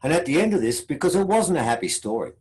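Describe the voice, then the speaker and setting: A fast-talking Australian conference speaker with a sing-song, slightly mellow voice recounts a story, performing its quoted dialogue with changing pitch. The recording is rough.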